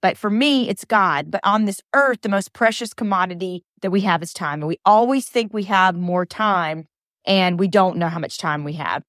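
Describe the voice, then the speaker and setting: A woman hosting a podcast, giving an earnest, animated motivational talk full of repeated phrases. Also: medium pitch, moderate pace, dry recording, clean studio sound. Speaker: podcast host and coach.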